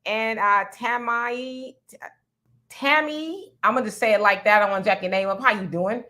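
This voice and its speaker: A woman's voice: mid-range voice, fairly even intonation, brisk, bright, forceful tone. A middle-aged woman hosting a casual live-streamed talk show, chatting conversationally and reading viewer comments aloud. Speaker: host.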